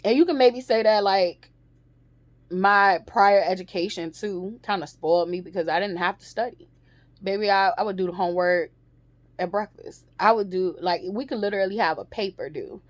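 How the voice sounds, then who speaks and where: A woman's voice: medium pitch, moderate pace, no echo. A young adult woman telling a candid, profane storytime, emphatic and rambling. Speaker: vlogger. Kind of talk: casual storytime monologue.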